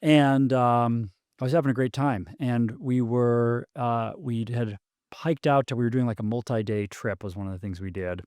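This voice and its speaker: A man in his forties telling a personal story as a podcast guest, halting and restarting often with many ums. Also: medium pitch, steady tone, darkish tone, clean tone, dry recording, studio quality. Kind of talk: casual storytelling conversation.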